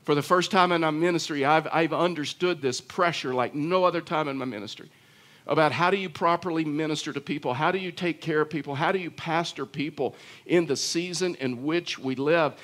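A man's voice: a little high, fairly quick, fairly bright tone. A pastor preaching an earnest sermon, often repeating and restarting his phrases.

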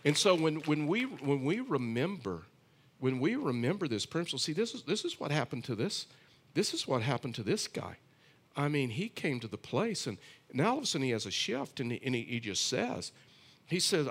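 A man's voice: on the high side, big pitch swings, a little fast, husky. A middle-aged man, a pastor with grandchildren, preaching a sermon in a loose, conversational storytelling way with many restarts and asides.

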